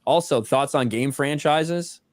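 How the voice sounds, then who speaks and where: A man's voice: a little high, a little slow, a crowd in the background. A man hosting a casual livestream, reading viewers' donated messages aloud and swearing casually. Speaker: host reading super chats.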